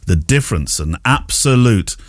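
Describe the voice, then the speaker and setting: Man, podcast host, low voice, very lively pitch, dry close sound. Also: normal speed, no echo. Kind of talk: casual interview chat.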